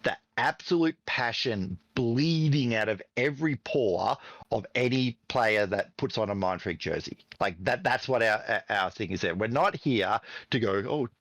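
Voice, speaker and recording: A man's voice: on the low side, moderate pace, no echo. A middle-aged man, a podcast guest who runs an esports team, telling fired-up stories in casual chat and swearing freely. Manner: animated, profane, fired-up storytelling.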